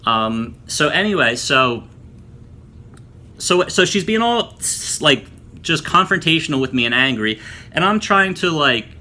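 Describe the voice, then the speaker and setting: A man's voice: on the high side, very animated, measured pace, sharp tone. A man recounting his experiences as a student in a casual, chatty vlog monologue, full of fillers and mocking imitations of others. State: just showered, hair still wet. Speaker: former student telling his story. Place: room at home.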